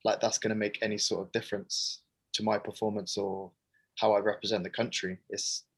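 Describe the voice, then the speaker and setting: Young man, low and casual. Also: flat delivery, brisk, low-quality recording. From Great Britain. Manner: casual, frank, many "like" fillers. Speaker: sprinter, interview guest.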